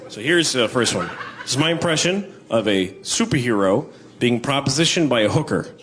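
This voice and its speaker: A man's voice: medium pitch, animated, moderate pace, fairly bright tone. A man doing an observational stand-up routine with a wry, rambling delivery and silly impressions. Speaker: stand-up comedian. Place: comedy club before a live audience. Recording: crowd laughter and ambient noise.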